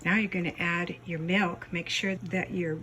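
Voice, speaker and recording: A woman's voice: on the low side, level tone, normal speed, background noise. A woman hosting a home cooking show, giving homey step-by-step instructions in her kitchen.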